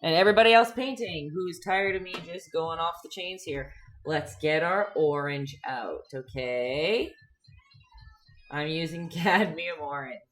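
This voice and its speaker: Brief: young woman, low voice, playful live-stream painting teacher, chatty with her viewers. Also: unhurried, a bit bright. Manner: chatty and playful, reads out chat, giggles often.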